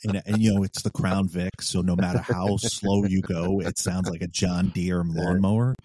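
A man, a former police officer, co-hosting a podcast and telling a profane, animated story that acts out his own past lines. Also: low voice, moderate pace, dry recording. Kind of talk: casual storytelling chat.

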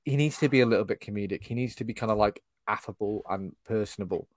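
A man co-hosting a podcast, chatting casually about a film, ranting with profane, animated asides. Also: fairly low pitch, quick pace, dry recording. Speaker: podcast co-host. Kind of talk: casual film-review chat.

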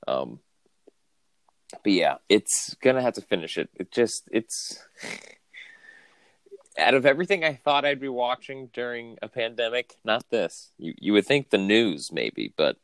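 A man co-hosting a podcast over a remote call, chatting casually with dry, deadpan complaints and playful bits. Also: medium pitch, a little slow, no room sound. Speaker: podcast co-host. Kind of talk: casual chat.

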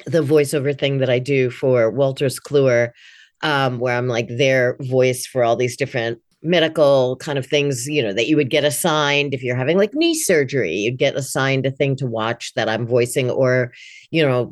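A woman's voice: a bass voice, moderate pace, dry recording, clean studio sound. A middle-aged woman working as a voice-over teacher, talking as a guest in a casual interview, chatty and candid, with plenty of "like" and "you know".

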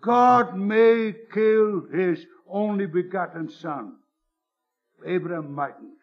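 A man's voice: high-pitched, slow pace, muffled recording, faint music behind. A man preaching a sermon, earnest and emphatic, calling his listeners beloved.

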